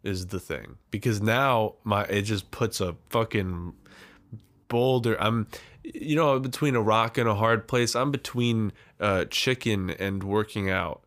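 A man's voice: lowish voice, unhurried, fairly bright tone. A man hosting his solo podcast, slightly out of breath from a big meal, rambling and self-deprecating with frequent restarts. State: out of breath after overeating. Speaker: podcast host. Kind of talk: casual solo podcast monologue.

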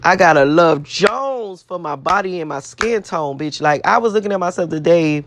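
A woman's voice: on the low side, animated, normal speed, a little hiss or hum. A woman vlogger rambling in a brash, profane, boastful way, repeating herself as she talks to her viewers. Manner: boastful, self-adoring. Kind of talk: casual self-talk to camera.

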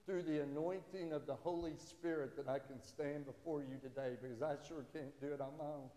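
A man's voice: a little high, steady tone, fairly quick, dark tone, slight background noise. A man preaching a sermon as a pastor in a church, with rising fervor. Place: church sanctuary. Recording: echoey hall.

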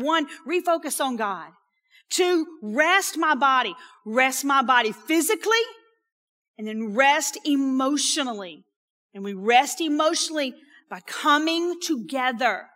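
Woman preacher, high and bright, animated sermon delivery with whispered asides, echoing church hall. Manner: animated preaching, drops to a hushed whisper for emphasis, frequent "okay?" check-ins. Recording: long hall reverb.

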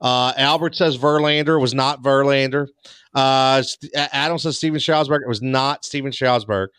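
A man's voice: medium pitch, steady tone, moderate pace, fairly bright tone, clean tone, no room sound. A man hosting a casual sports podcast, loose and joking, with frequent stammers. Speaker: podcast host.

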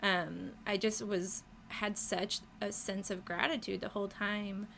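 A woman's voice: mid-range voice, level tone, unhurried, vocal fry, a bit bright, slight background noise. A woman who paints murals, talking casually and enthusiastically in an interview, with many fillers and frequent laughter. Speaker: muralist guest.

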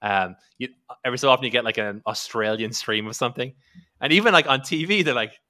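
A man's voice: medium pitch, fast, bright, forceful tone. A man, a podcast co-host, talking in casual chat, rambling with many fillers and restarts. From Ireland.

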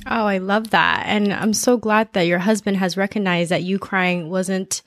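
A woman co-hosting a casual chat, bubbly and quick to laugh. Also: mid-range voice, fairly even intonation, fairly bright tone, dry recording, clean studio sound.

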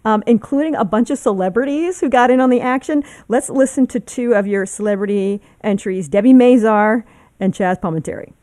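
A woman's voice: fairly high pitch, brisk, dark tone, no echo. A woman hosting a radio interview, conversational and inquisitive. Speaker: radio host.

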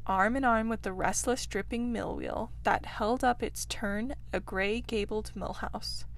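A woman narrating a classic children's book in a calm, measured reading. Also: on the high side. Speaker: audiobook reader. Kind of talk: scripted storybook narration.

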